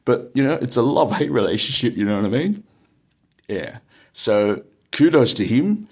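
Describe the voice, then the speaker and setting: A man's voice: medium pitch, expressive, moderate pace, a little mellow, breathy edge. An Australian man telling a casual, rambling anecdote full of fillers and bursts of laughter. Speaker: storyteller.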